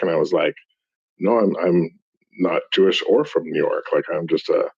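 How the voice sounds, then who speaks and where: A man's voice: low-pitched, fairly even intonation, a little fast, creaky, darkish tone, husky, dry recording, lo-fi sound. A man from Montreal on a discussion panel, talking casually in a rambling, stammering, joking way. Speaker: debate panelist.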